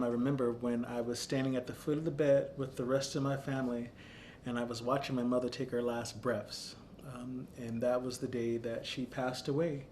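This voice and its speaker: A man in his thirties tells a personal story in an earnest, reflective way. His voice sits at a middle pitch, and he talks steadily and thoughtfully. A faint low rumble hums behind him. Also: a little mellow. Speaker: founder of an arts center.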